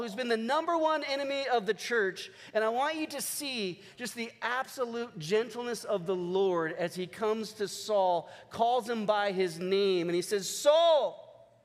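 High-voiced man preaching in an echoey hall. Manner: animated, swings from slow emphatic lines to quick joking asides. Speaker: pastor. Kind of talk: sermon. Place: church sanctuary.

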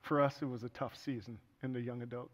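A man's voice: medium pitch, steady tone, fast. A middle-aged man preaching a sermon as pastor, telling stories with humor and earnest turns. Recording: echoey hall, dull sound.

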